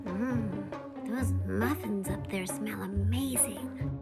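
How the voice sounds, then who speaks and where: A woman's voice: medium pitch, slow, pitched below the performer's own voice. A woman voicing a friendly, hardworking cartoon girl who coaxes and encourages a cat. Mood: eager. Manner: encouraging, coaxing. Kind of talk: children's cartoon voice acting. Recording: background music under the voice.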